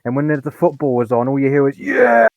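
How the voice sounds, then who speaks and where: A man's voice: mid-range voice, little pitch movement, rapid-fire, no echo, dull audio. British man, blunt and laughing, dry sound. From United Kingdom. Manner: laughing, blunt, swears casually. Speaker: guest. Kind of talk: casual chat.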